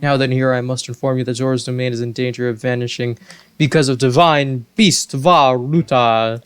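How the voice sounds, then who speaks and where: A man voicing an aged, huge male fish-folk king in a video game, speaking formally and slowly. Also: medium pitch, fairly even intonation, smooth, lightly acted. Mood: regal. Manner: formal, stately, slow and courtly.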